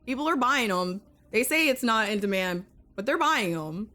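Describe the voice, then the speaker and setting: A young woman streaming a game live and chatting with her audience. Her voice sits fairly high and swoops all over the place, dropping to low mutters and then leaping up into excited outbursts. A nagging cough keeps breaking through. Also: normal speed. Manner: excitable, swings between muttering and loud outbursts. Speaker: gaming streamer. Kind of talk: live-stream chat while gaming.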